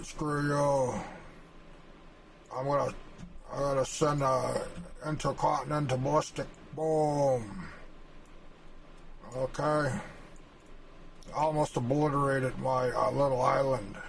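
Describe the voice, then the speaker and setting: A man's voice: mid-range voice, steady tone, slow pace, gravelly, long pauses, crowd noise, poor audio. A male streamer rambles through a boastful, profane, mock-serious comic rant while drawing a map.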